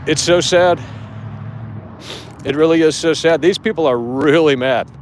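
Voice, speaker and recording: A man's voice: a little high, unhurried, slight background noise. A man hosting a live gaming show outdoors, talking bluntly and profanely in a casual rant.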